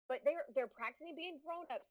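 A woman's voice: sits high, brisk, rough recording. A middle-aged woman with a Southern American accent, chatting animatedly over a remote call as a podcast guest, swearing freely and restarting her sentences. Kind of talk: casual chat.

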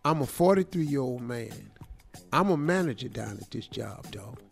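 A man's voice: a little high, normal speed, vocal fry, soft background music. A man playing a brash 43-year-old manager who talks back to his older boss in blunt street slang. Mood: confronting.

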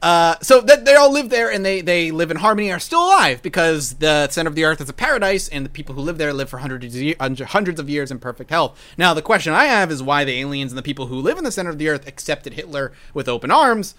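A male podcast host in casual chat, animated, profane and enthusiastic. His voice is bright and sits somewhat high, swinging widely in pitch as he tells the story. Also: quick pace, few pauses.

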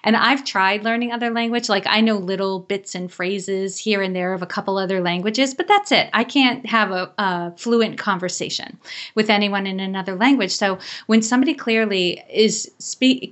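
A woman host interviews her guest with upbeat enthusiasm, affirming each answer. Her voice sits at a middle pitch, and she talks in a warm, conversational way. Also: normal speed. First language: English.

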